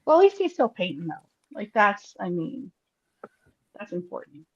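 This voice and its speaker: A woman co-hosting a live stream, reacting quickly and supportively. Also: mid-range voice, sing-song, slightly rough, no room sound, dull audio. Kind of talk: casual live-stream chat.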